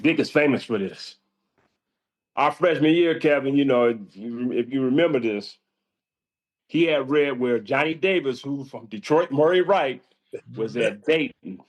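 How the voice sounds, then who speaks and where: Older man telling lively team stories. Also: measured pace. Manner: lively, jumps high when quoting himself, laughs often. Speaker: former college basketball player. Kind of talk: casual storytelling on a call. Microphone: remote call.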